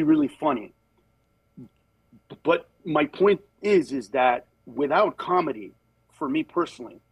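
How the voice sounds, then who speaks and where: A man who works as a stand-up comedian, telling stories in a casual conversation. He acts out other people's voices and turns earnest and measured on serious topics. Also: fairly high pitch, breathy edge, no room sound.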